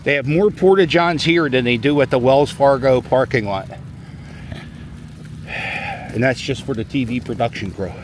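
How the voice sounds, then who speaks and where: A middle-aged man from Philadelphia, using a mid-range voice at a moderate pace, pauses often as he walks and vlogs on a snowy plaza. Background noise surrounds his chatty, joking, rambling commentary to the handheld camera.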